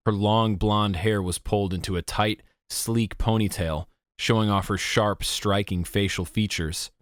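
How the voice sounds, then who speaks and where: A man narrating a teen fantasy audiobook in an even, measured way. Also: lowish voice, dry recording, studio quality. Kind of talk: scripted narration.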